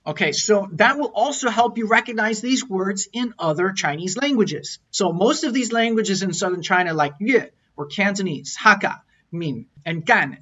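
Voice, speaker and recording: A man's voice: sits high, fairly bright tone, a little hiss or hum. A man teaching an online lesson over slides, explaining patiently and sounding out tones as examples. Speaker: language teacher. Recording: dull lo-fi audio.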